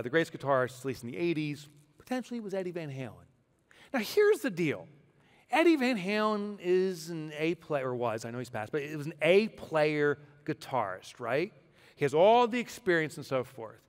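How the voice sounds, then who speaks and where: A man giving a motivational keynote talk in a conversational, animated way, full of rhetorical questions. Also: on the high side, normal speed, in a large hall. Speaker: keynote speaker.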